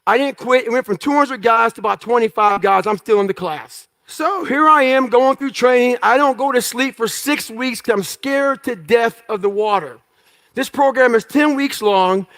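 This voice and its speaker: A man whose very high-pitched voice is fairly bright speaks at normal speed, giving a motivational talk about his own life. He reenacts what went through his head back then, using emphatic, profane, clipped phrases.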